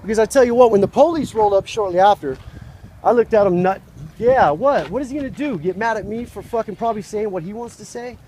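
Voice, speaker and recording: A man's voice: high-pitched, fast, mellow, a little hiss or hum. A man in a heated street argument with protesters, profane, rambling and combative, recorded outdoors. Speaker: passerby arguing with protesters.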